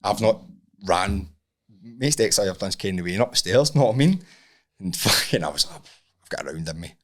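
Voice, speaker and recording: Scottish man, fast talker, lowish voice, animated sweary storyteller, podcast guest. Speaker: guest, Muay Thai coach. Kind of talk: casual podcast chat.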